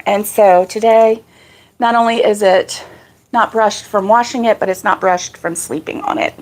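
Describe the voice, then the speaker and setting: A woman's voice: mid-range voice, fairly even intonation, normal speed. A woman hosting a casual live crochet stream, out of breath, chatting and greeting viewers by name. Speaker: crochet channel host.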